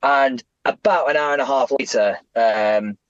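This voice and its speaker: A man's voice: medium pitch, unhurried, no echo, lo-fi sound. Rambling British man telling stories. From United Kingdom. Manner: rambling, animated, frequent restarts. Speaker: guest traveller. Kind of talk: casual podcast storytelling.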